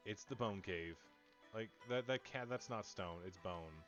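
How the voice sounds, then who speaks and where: A man's voice: fairly low pitch, a little slow, fairly bright tone, muffled recording, faint music behind. A young adult man giving casual, joking commentary on a game he is playing, rambling and talking to his chat. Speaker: let's play streamer.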